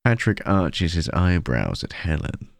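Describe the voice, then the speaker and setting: Male horror narrator, deep gravelly voice, slow hushed delivery, dry close sound. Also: very animated, no echo. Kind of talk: scripted narration of a horror short story.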